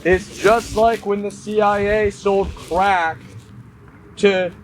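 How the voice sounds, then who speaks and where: A man's voice: sits high, steady tone, slow pace. A man giving a casual commentary, emphatic and repetitive, ranting conspiratorially and calling his viewers y'all. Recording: noisy background.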